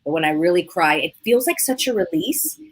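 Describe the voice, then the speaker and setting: A woman hosting a podcast in casual conversation, animated and acting out her own past inner thoughts as she talks. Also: on the low side, fairly quick, husky. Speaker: podcast host.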